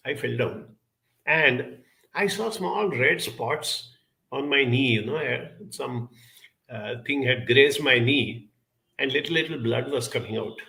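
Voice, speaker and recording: A middle-aged man talks earnestly to his listeners, with a bright, forceful voice. He tells his story and draws a lesson from it. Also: medium pitch, creaky. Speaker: speaker. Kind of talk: reflective talk with a personal story.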